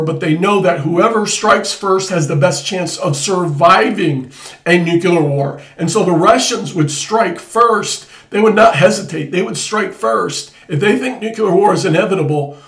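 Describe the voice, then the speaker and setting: A man's voice: high voice, distant mic. A man hosting alarmed political commentary, urgent and repetitive, building to emphatic outbursts. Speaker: host. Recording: echoey room, voice off-mic.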